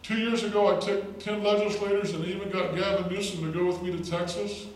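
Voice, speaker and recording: A man's voice: sits high, fairly even intonation, fairly quick. A man who is a state legislator, giving an emphatic storytelling speech at a political rally. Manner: storytelling, emphatic, repeats words for effect. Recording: echoey hall, distant mic, faint noise.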